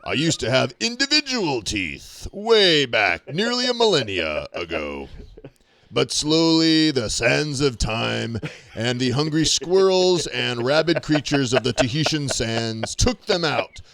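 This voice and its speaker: A man's voice: medium pitch, sing-song, a little slow, fairly bright tone, no echo. A man voicing a joking wooden tiki idol. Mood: playful. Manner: playful, rambling comic riffs. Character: ancient wooden tiki idol, male, wisecracking sage. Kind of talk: ventriloquist puppet banter.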